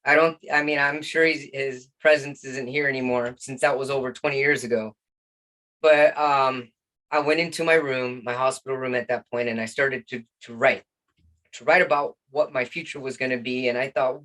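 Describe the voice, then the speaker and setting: Guy in his 40s, earnest and halting, restarts a lot, middle pitch. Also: steady tone, bright, forceful tone. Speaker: guest. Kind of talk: emotional personal storytelling.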